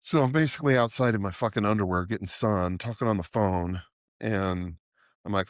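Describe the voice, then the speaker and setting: A man's voice: lowish voice, fairly quick, no room sound, clean studio sound. A middle-aged man co-hosting a podcast, telling a rambling, profane anecdote in casual chat and laughing often. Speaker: podcast co-host.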